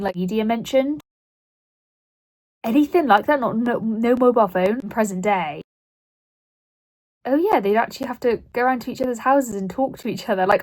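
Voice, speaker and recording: A woman in her late twenties talks casually to camera as a book vlogger, rambling and poking fun at herself. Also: a little high. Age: 20s. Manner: rambling, self-deprecating, chatty.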